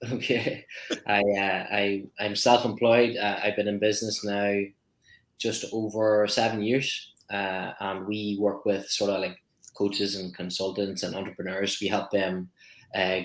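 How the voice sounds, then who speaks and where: A man with an Irish accent, a business coach introducing himself on a video-call podcast in a friendly, hesitant way. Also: fairly low pitch. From Ireland. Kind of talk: casual self-introduction. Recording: echoey room.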